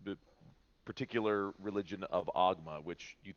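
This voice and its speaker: A man narrating as game master in a tabletop game, halting and full of filler sounds. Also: low-pitched, lo-fi sound.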